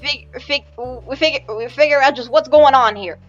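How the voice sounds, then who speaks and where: A woman's voice: high-pitched, normal speed, faint music behind. A woman narrating a tabletop game as game master, chatty and often restarting her sentences. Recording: muffled lo-fi recording.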